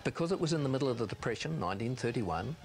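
A man's voice: medium pitch, expressive, very fast, vocal fry, darkish tone, faint music behind. New man recounting cricket history. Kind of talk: documentary recollection.

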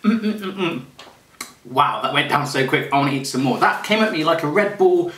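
A man's voice: fairly high pitch, expressive, a little fast, a bit bright. An English man hosting a playful home cooking demonstration, chatty and jokey, talking to the food as he cooks. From England. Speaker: cooking show host. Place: home kitchen.

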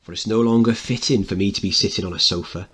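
A man's voice: on the low side, steady tone, fast talker, breathy edge. A man reading a play aloud, singing the part of a brash, hopeful working-class mother. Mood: singing dreamy. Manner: sings loud and bold, puts on a posh voice.

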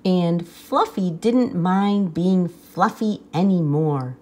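A woman reading a children's picture book aloud with expressive storytelling. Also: fairly low pitch, a little hiss or hum. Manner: slow, lively, expressive reading.

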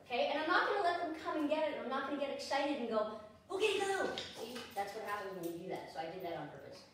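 A woman dog trainer teaching a hands-on lesson, giving the dogs brisk commands between explanations. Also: on the high side, a bit bright, recorded from a distance, slight background noise. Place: indoors at home with dogs. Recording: echoey room, voice from off the mic.

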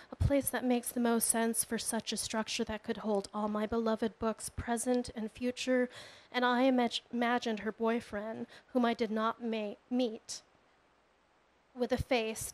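A woman poet giving a measured, expressive reading of her own prose poetry. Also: fairly high pitch, rough recording. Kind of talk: literary reading.

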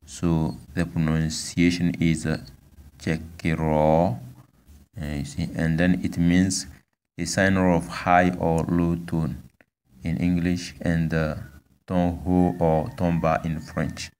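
Man, very low voice, flat delivery, slow patient lesson, repeats words, hesitant. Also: clean tone. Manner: patient, repeats each word slowly, frequent hesitations. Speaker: language teacher. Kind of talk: slow spoken language lesson.

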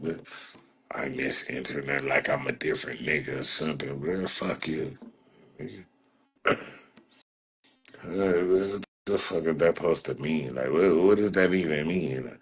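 A man hosts a casual livestream, trash-talking the commenters in profane slang and breaking into laughter. His voice sits very low and sounds husky. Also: measured pace. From Southern California. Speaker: livestream host reacting to chat.

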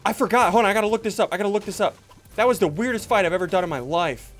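A young man giving jokey, excitable commentary while playing a video game. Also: sits high, rapid-fire. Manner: excitable, jokey, yelps and laughs mid-play. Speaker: gaming channel host. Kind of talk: live gameplay commentary.

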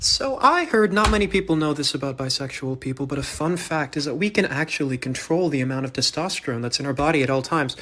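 A man doing a short deadpan comedy bit to camera. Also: a little high, fast talker, hardly any pauses.

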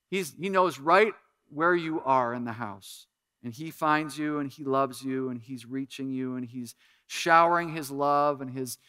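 Male pastor, middle-aged, bright crisp voice, dry close sound, animated preaching with quiet earnest stretches. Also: medium pitch, dry recording. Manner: animated preaching, dropping to soft earnest appeals. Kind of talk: sermon.

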